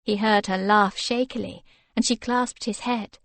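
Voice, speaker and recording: A woman narrating an audiobook in a measured, expressive manner. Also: mid-range voice, no echo. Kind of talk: scripted narration.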